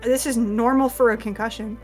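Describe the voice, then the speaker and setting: A woman's voice: fairly high pitch, steady tone, a little fast, darkish tone, soft background music, close to an everyday voice. A woman voicing a nervous male god who stammers and hedges meekly. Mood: evasive. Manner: hesitant, stammering, meek.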